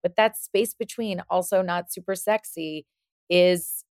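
A woman's voice: fairly low pitch, fairly even intonation, measured pace, darkish tone, clean tone, dry recording, studio quality. A woman hosting a podcast, talking in a thoughtful, casual way and circling back to restate her points. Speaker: podcast host and psychologist. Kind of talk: casual conversational podcast discussion.

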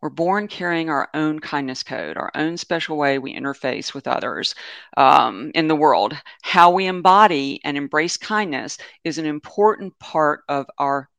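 Guy giving a webinar talk, kinda high smooth voice, rambly and full of "you know"s. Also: a little slow, bright, forceful tone, dry recording. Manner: meandering, self-correcting storytelling with many fillers. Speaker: presenter of an online talk on animals. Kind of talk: informal webinar talk with slides.

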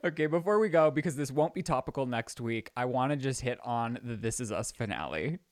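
A man's voice: medium pitch, fairly quick, no room sound, studio quality. Chatty young man co-hosting. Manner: chatty, teasing, animated storytelling. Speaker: podcast co-host. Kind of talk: casual chat.

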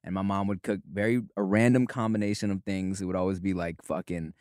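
A man's voice: low voice, steady tone, quick pace, a little mellow, dry recording, clean studio sound. A young man from Southern California, co-hosting a podcast and telling casual stories with swearing and laughter. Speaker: podcast co-host. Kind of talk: casual storytelling chat.

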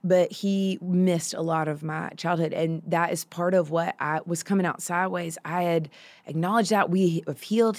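A woman in her thirties with a lower voice tells a story on a podcast, full of "like" and little acted-out voices for everyone in it. She is recorded close on a studio mic in a dry room. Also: no echo. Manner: animated, acts out quoted voices, many fillers. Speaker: songwriter guest. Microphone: studio microphone.

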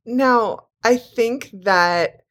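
A woman co-host speaking in deliberate, thoughtful phrases on a casual podcast. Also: fairly high pitch, fairly bright tone.

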